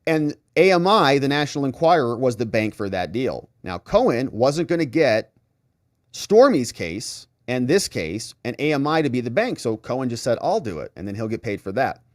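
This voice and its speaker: A man, a lawyer, giving trial recap commentary in an animated, incredulous way. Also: mid-range voice, moderate pace, no room sound, clean studio sound. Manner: animated and incredulous, retelling courtroom testimony.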